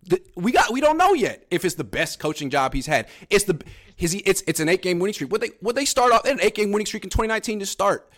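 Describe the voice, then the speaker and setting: A man, a sports journalist, pushing back in a heated casual debate with quick, defensive rebuttals and bursts of laughter. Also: high voice, very animated, a bit bright. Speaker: sports journalist covering the team.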